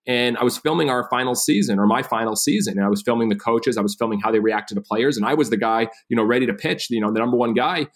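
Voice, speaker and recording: A man in his thirties, a podcast guest, telling stories in a casual animated way and acting out quoted dialogue. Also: mid-range voice, fast talker, few pauses. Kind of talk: casual interview storytelling.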